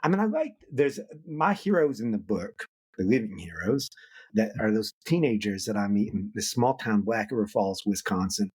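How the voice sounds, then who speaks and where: Husky, low-voiced middle-aged man. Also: moderate pace. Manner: animated, acts out quoted voices. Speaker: author and guest. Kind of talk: podcast interview conversation.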